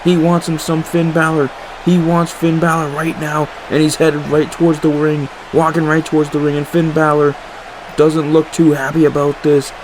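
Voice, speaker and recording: A man doing excitable, casual play-by-play commentary on a wrestling match. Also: on the high side, normal speed, noisy background. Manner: excitable, emphatic, casual swearing.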